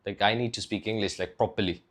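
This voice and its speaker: A man's voice: fairly low pitch, steady tone, fast, fairly bright tone. A young man from India talking casually to camera as a fitness vlogger, rambling loosely with lots of filler words and swearing.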